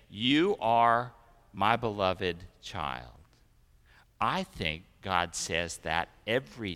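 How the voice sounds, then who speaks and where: A middle-aged man preaching a sermon, telling stories gently and then preaching with energy. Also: on the low side. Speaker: pastor. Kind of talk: sermon and children's message. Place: church sanctuary. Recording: echoey church sanctuary.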